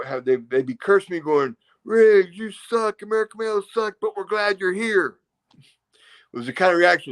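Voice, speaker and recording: A man's voice: mid-range voice, fairly bright tone. Man telling rambling wrestling stories. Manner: rambling, acts out quotes and crowd noises. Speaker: interview guest, former pro wrestler. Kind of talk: casual storytelling interview.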